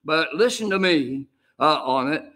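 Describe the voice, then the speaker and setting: Older guy preaching a sermon, kinda high voice, slow and folksy, leans hard on repeated lines. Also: expressive, sharp tone. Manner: homey, folksy preaching with drawn-out emphatic repeats. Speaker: senior pastor.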